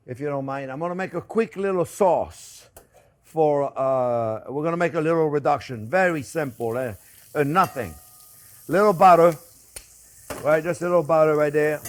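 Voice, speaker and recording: An older man with a French accent, chatting and joking with viewers as he demonstrates a recipe in his kitchen. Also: fairly high pitch. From France. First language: Italian and French. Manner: chatty, joking, animated, addresses viewers as friends. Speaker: chef. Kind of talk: cooking demonstration.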